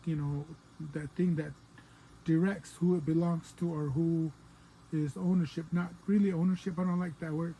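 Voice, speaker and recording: A man's voice: a little high, dark tone, slight background noise, rough recording. A man teaching words of his native language in a loose, digressive way, with many fillers and playful quoted voices. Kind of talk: informal spoken language lesson.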